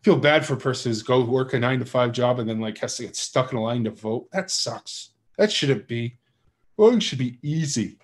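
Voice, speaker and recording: A man's voice: medium pitch, brisk, hardly any pauses. A man talking in a casual, rambling monologue, giving his opinions and often saying "like".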